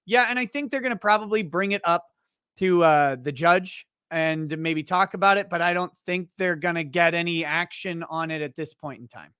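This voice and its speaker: On a casual live-stream chat, a man jokes and rambles while reading viewers' messages, breaking off to restart sentences and growing lively in his anecdotes. His voice is on the high side with a clean tone, recorded in clean studio sound without echo.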